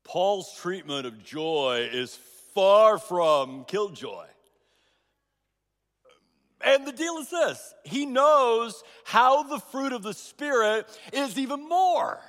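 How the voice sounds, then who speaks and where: Here a middle-aged pastor delivers his sermon slowly in a high, fairly bright, sing-song voice. He tells stories, often restarting and repeating points for emphasis, and a large hall lends a long reverb.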